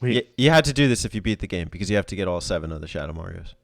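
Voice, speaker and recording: A man co-hosting a gaming podcast in casual chat, joking around with playful drawn-out punchlines. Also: deep voice, lively intonation, gravelly, no room sound, clean studio sound. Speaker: podcast co-host.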